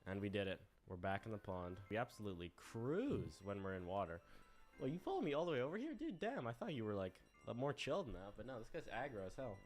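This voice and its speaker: A man's voice: lowish voice, big pitch swings, quick pace, faint music behind. A young man streaming a game, commenting in a playful, teasing, mischievous way as he plays. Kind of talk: casual gameplay commentary.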